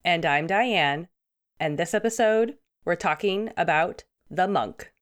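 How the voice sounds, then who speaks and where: A woman's voice: fairly low pitch, slow pace. A woman co-hosting a podcast in casual chat, her voice still a bit sick, laughing between points. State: sick, hoarse-sounding voice. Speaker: podcast co-host.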